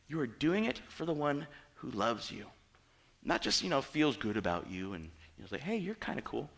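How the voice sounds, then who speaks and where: A male pastor delivers a casual, story-driven sermon with a lively, swooping delivery. His voice is bright and a little high, and he slips into asides and quick impressions of the people in his stories. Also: gravelly.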